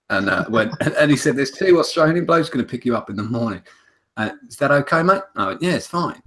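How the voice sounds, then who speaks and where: A man's voice: medium pitch, expressive, brisk, a bit bright. A British man co-hosting a casual podcast chat, telling anecdotes and mimicking the voices of people in them. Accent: British English. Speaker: podcast co-host.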